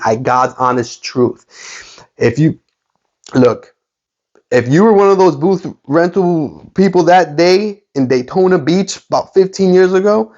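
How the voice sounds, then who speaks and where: Animated man telling a story. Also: fairly high pitch, lo-fi sound. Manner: animated retelling, frequent fillers and restarts. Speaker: sports card collector and channel host. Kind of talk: casual storytelling.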